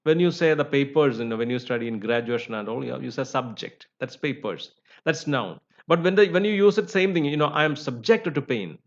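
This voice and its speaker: A man's voice: mid-range voice, animated, quick pace. Man teaching English word stress. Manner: many fillers like "you know" and "uh". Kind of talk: lecture. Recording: slightly dull recording.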